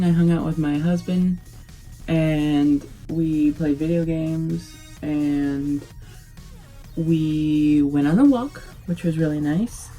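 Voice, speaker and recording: A young woman with a low, mellow voice talks through a makeup tutorial in a relaxed, rambling way, full of fillers. She speaks slowly, and soft music plays behind her. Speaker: beauty vlogger. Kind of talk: casual makeup tutorial chat.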